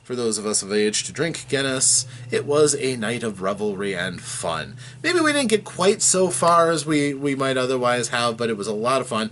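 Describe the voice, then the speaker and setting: A man narrates a tabletop session recap as its game master, his voice swooping up and down as he tells it. He chuckles and restarts now and then, in a casual, storytelling way. His pitch sits in an ordinary middle register. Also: big pitch swings, moderate pace, few pauses, fairly bright tone, slight background noise.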